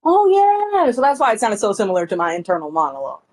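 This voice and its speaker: A woman's voice: fairly high pitch, wildly swooping pitch, quick pace, darkish tone, a little hiss or hum, low-quality recording. A woman playing a brash, crude young man adventurer in a tabletop game, joking and carefree. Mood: cocky.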